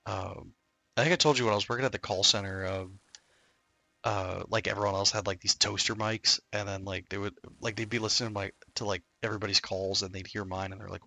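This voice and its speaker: A man's voice: lowish voice, steady tone, quick pace, creaky, bright, forceful tone, no echo. A man chatting casually on a stream, telling long stories full of fillers. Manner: rambling storyteller, many fillers. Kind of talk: casual chat.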